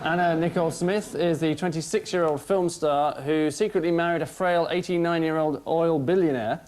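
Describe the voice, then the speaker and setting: A man hosting a TV panel quiz, delivering prepared jokes in a dry, deadpan way in a studio. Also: a little high, moderate pace, slight background noise. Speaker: quiz show host. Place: TV studio with live audience. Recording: broadcast TV audio.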